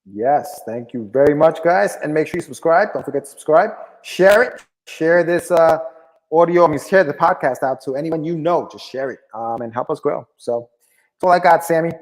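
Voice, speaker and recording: A man's voice: a little high, normal speed, big-room sound, poor audio. A man co-hosting a podcast, chatting casually in a laid-back, repetitive way. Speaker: podcast co-host.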